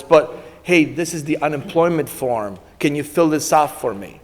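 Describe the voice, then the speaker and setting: A man's voice: a little high, moderate pace, hardly any pauses. Italian-born man telling stories in a hall. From Italy. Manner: animated anecdotes with laughter. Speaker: guest speaker. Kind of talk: storytelling talk to an audience. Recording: long reverb in a hall.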